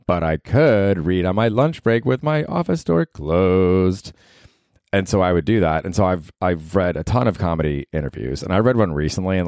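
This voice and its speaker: A man in his forties with a very low voice rambles through a profane comedic monologue, filled with "like". The recording is dry and close, made in a bedroom at night. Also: a little mellow, no room sound. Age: 40s. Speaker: comedian podcast host.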